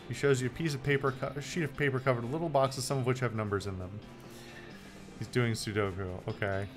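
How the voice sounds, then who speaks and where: A wry man hosts a video game playthrough, reading the game text aloud and adding playful, joking commentary that rambles off on tangents. His voice sits at an ordinary middle pitch, with faint music playing behind him. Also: steady tone, fast talker. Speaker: let's play host.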